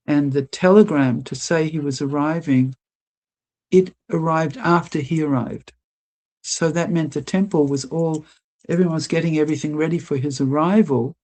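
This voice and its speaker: An older woman, a guest telling lively stories in an interview, laughing often and acting out what people said. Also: low voice, moderate pace. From Australia. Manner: lively anecdotal storyteller, laughs often, acts out quotes. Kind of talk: storytelling interview.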